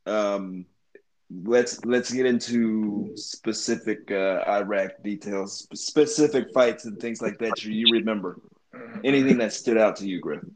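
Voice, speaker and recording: Man, podcast host, lowish voice, laid-back, casual chat. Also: unhurried, rough recording.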